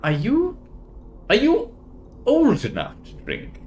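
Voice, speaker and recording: A woman's voice: on the high side, wildly swooping pitch, slow, a little mellow, slight background noise, pitched above the performer's own voice, heavily acted. Man doing a folksy motherly barkeep woman. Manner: drawling, homely slang. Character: folksy middle-aged female barkeep, motherly and blunt.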